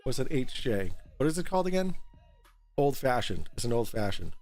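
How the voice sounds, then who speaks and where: A man's voice: medium pitch, big pitch swings, a little fast, a little mellow, no room sound, faint music behind. A man hosting a casual livestream talk show, rambling and swearing as he reads and answers chat while drinking on air.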